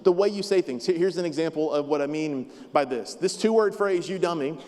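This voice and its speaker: A man with a fairly high, dark-toned voice preaches a sermon as a pastor at a brisk pace. He is emphatic and repetitive, with touches of light humor. The sound comes from a church sanctuary with long hall reverb.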